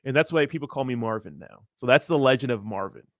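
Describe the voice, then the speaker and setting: Speaking quickly in an expressive mid-range voice, this man in his thirties hosts a relaxed crypto livestream, reading chat and chatting with viewers in a rambling, profane way with lots of laughter. The sound is dry and studio-clean.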